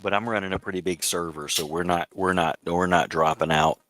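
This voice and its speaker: A soft-spoken man on a video call, rambling through explanations of how streaming works in a casual chat. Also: low voice, steady tone, a little fast, no room sound. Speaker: stream tech guest.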